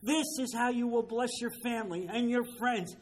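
Seventies male pastor, high-pitched, emphatic sermon delivery, keeps checking listeners follow. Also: normal speed. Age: 70s. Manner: emphatic, keeps asking "you understand?". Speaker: pastor leading a Bible study. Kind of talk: sermon-style Bible teaching.

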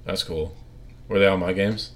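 A man's voice: sits low, fairly even intonation, moderate pace. A man co-hosting a podcast in casual banter, joking and self-deprecating. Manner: joking, self-deprecating, mimics voices in anecdotes. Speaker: podcast co-host.

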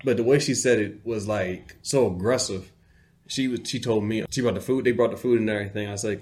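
A podcast co-host with a lowish voice talks a little fast, telling stories in casual chat. He's an animated storyteller who quotes people using acted voices.

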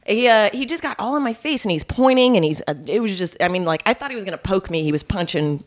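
A young woman comedian telling a story on a podcast, acting out the people in it with big jumps in voice. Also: quick pace. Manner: animated, acts out quoted voices with big pitch jumps. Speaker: comedian guest.

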